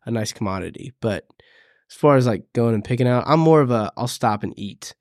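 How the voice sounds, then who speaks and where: Halting man with a mid-pitched voice. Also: expressive, no echo, clean studio sound. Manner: hesitant, halting, many restarts and fillers. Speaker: podcast co-host. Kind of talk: casual chat.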